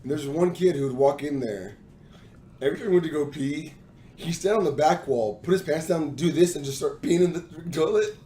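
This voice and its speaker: A hoarse man telling animated anecdotes on a casual podcast, with a slightly high voice. He talks loosely, full of "like" and quick laughs. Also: a little hiss or hum. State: hoarse from screaming. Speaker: podcast co-host. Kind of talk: casual storytelling.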